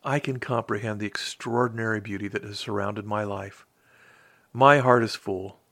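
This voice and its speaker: A man's voice: lowish voice, fairly even intonation, moderate pace, a bit bright, dry recording. A man voicing a small, timid carpet beetle that stammers, tearful and full of wonder. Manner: stammering, breathless.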